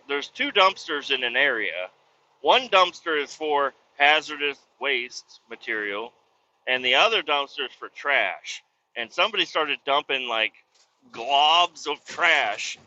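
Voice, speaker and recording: Bright-voiced man ranting, lo-fi. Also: medium pitch. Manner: profane, venting rant. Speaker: truck driver. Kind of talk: casual vlog monologue. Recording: dull lo-fi audio with faint road noise.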